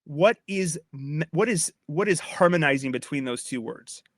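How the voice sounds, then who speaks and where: A man's voice: on the high side, animated, normal speed, no room sound, clean studio sound. A man giving a casual spoken lecture as a podcast host, chatty and a little tipsy from wine, often repeating and restarting his phrases and checking that his listener follows. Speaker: podcast host explaining Old English poetry.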